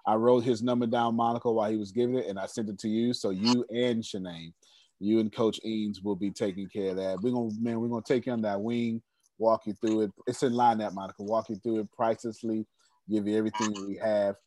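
A man's voice: lowish voice, steady tone, a little fast, dark tone, dry recording. Emphatic man hosting a coaching call. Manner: emphatic, repetitive, laughs often, hypes the group. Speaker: host of an online business coaching meeting. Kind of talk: lively group video-call coaching.

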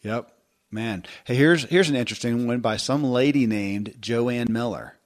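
A man's voice: medium pitch, normal speed. A middle-aged man hosting a podcast, talking in a rambling, self-deprecating way with many restarts. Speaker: podcast host. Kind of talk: casual podcast conversation.

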